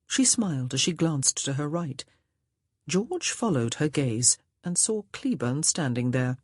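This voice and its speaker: A woman narrating a historical romance audiobook with measured, expressive storytelling. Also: deep voice, slightly rough, no echo, studio quality. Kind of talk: scripted narration of a romance novel.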